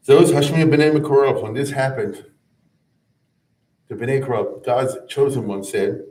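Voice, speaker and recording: In a large room with a hollow echo, a rabbi gives his class an informal explanatory lecture, heard off-mic from a distance. His male voice sits in the mid range. He talks in a relaxed, conversational way about old texts, chanting Hebrew verses and then translating them, with many asides.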